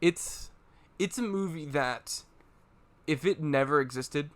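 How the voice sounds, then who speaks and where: A young man co-hosting a podcast in casual chat, excitable, laughing often and acting out scenes as he tells them. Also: a little high, slow pace. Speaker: podcast co-host.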